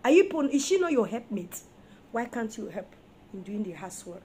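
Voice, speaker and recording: A woman's voice: a little high, very animated, fairly quick, mellow, a little hiss or hum. A woman preaching an emphatic sermon on marriage, firing rhetorical questions at her listeners.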